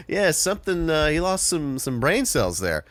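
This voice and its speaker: A man's voice: fairly high pitch, wildly swooping pitch, measured pace, fairly bright tone, dry recording. A man co-hosting a casual podcast chat, hesitant and swearing freely. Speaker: podcast co-host.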